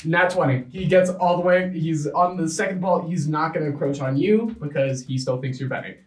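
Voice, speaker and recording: A man narrating a tabletop game as game master, in a brisk, easygoing way with many fillers. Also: on the high side, faint music behind. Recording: echoey room, far from mic.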